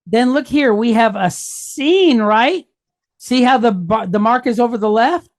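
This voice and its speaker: A woman's voice: on the high side, lively intonation, a little slow. A woman teaching a Hebrew reading lesson, patiently explaining each mark and checking in with "okay?" and "right?". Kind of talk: walking through a worksheet lesson.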